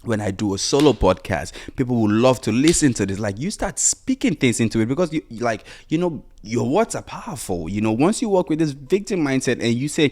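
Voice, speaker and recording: A man's voice: medium pitch, expressive, a little fast, darkish tone. A man talking casually and insistently in a solo motivational podcast, repeating himself and filling with "you know". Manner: urging, insistent repetition. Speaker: podcast host.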